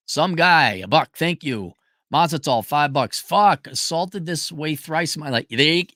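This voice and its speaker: A man's voice: moderate pace, no echo, clean studio sound. A middle-aged man hosting a livestream, answering viewer questions in a blunt, profane, emphatic way. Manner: profane, emphatic, animated pitch jumps. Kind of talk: blunt opinionated livestream chat.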